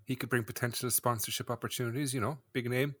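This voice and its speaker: A man's voice: medium pitch, fairly even intonation, fast talker, a bit bright. A man co-hosting a casual sports podcast, offhand and laid-back. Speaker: podcast co-host.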